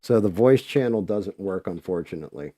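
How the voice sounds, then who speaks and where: Guy hosting a stream, lowish warm voice, loose and chatty, cusses a lot while painting. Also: animated, brisk, no room sound, clean studio sound. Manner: loose, chatty, swears freely. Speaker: livestream host. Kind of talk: casual live-stream chat while painting.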